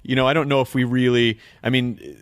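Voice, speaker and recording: A man from the United States hosts a casual podcast chat. His voice sits at an everyday middle pitch and sounds dry and close. He rambles, jokes, and stumbles over repeated words. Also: fairly even intonation, brisk, no echo. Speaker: podcast host.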